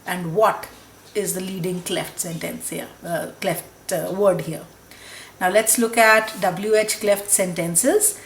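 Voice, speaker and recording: A woman's voice: fairly low pitch, steady tone, slow pace, slight background noise. Echoey woman teaching grammar. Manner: explanatory, frequent "right?" checks and self-corrections. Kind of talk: recorded online lecture.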